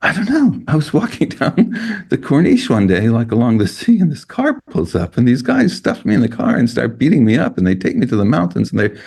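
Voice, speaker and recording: A man with a low, gravelly voice putting on a bewildered, beaten-up young Irishman retelling his ordeal. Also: wildly swooping pitch, a little fast, few pauses, a little mellow, heavily acted. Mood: dazed.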